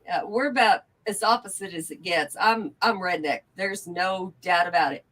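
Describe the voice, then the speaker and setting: A woman's voice: fairly low pitch, normal speed, a bit bright. A woman co-hosting a casual chat show, bantering in a playful, down-to-earth way. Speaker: co-host.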